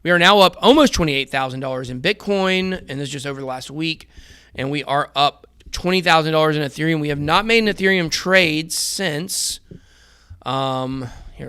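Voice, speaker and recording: A man's voice: on the high side, animated, moderate pace, sharp tone, smooth, no room sound. A man in his thirties hosting a casual trading show, rambling through charts and talking straight to his viewers. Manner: rambling, conversational, addresses viewers as guys. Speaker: crypto trading show host.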